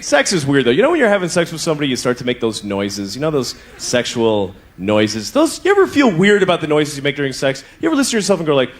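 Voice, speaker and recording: Animated, high-voiced male stand-up comic. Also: fast, hardly any pauses, a little hiss or hum. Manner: conversational, profane, self-deprecating. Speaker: stand-up comedian. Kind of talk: stand-up routine. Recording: live show with audience laughter. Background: audience laughter.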